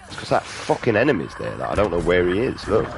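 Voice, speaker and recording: A man's voice: sits low, sing-song, fast talker, creaky, background noise. A man rambling and swearing casually while playing a video game. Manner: rambling, profane, drawling. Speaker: gaming streamer.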